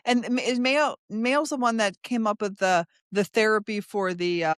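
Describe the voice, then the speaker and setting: A woman's voice: medium pitch, fairly even intonation, moderate pace, clear, resonant tone, no echo, studio quality. A woman hosting a casual conversation, who thinks aloud as she recalls shared memories and asks follow-up questions. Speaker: podcast host.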